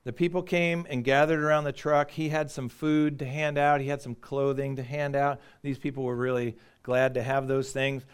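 A middle-aged American man preaching, mixing a personal story with lively, conversational emphasis and occasional laughs. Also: medium pitch, normal speed, few pauses, clear, resonant tone. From United States.

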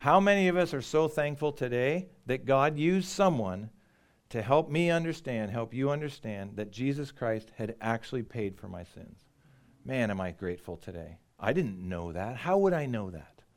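A middle-aged man with an American accent delivers a sermon in a relaxed, conversational way. He tells a personal story, leaning into words for emphasis and chuckling now and then, with a voice of middling pitch. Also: moderate pace. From United States. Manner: conversational, animated storytelling with laughs. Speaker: preacher.

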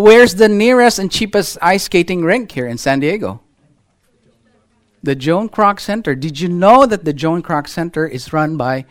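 A middle-aged male pastor preaching a sermon to his church, animated and full of rhetorical questions to the congregation. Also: a little high. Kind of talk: sermon with a children's illustration.

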